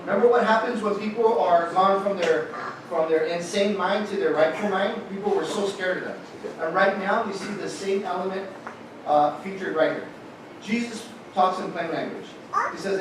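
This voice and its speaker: A man preaching a sermon as pastor, lively and joking, with many restarts, in a church hall. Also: high-pitched, moderate pace. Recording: echoey hall from far off with noise.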